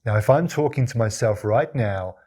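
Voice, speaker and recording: A man from Australia with a deep voice, coaching viewers on confident speaking in a demonstrative, animated way. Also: normal speed, breathy edge. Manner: demonstrative, animated, acts out examples with his voice. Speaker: communication coach. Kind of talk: talking-head tutorial to camera.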